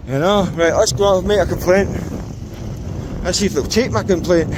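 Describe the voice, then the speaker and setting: Outdoors on a street, a British man films the police and talks to camera in a mocking, indignant vlog commentary for his viewers. His voice is high-pitched at normal speed, broken by long pauses, with a noisy background.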